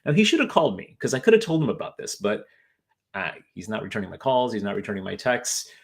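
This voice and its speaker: A man's voice: on the low side, very animated, fast, gravelly. A man hosting a casual talk on retirement money, chatty and joking, with many fillers and restarts. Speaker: financial advisor, video host.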